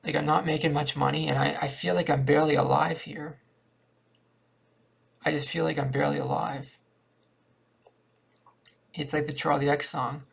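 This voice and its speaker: A man's voice: fairly high pitch, flat delivery, normal speed, vocal fry, long pauses, breathy edge. A man rambling in a downbeat, repetitive confessional monologue to a cheap webcam at home. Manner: downbeat, repetitive, thinking aloud. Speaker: vlogger.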